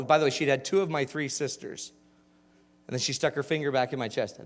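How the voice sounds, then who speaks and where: Upbeat male keynote speaker in his forties, fairly high voice, full of asides and crowd questions, heard in a reverberant hall. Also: fast talker, slight background noise. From Utah. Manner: animated, jokey, asks the audience questions. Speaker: motivational speaker. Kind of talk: storytelling keynote talk.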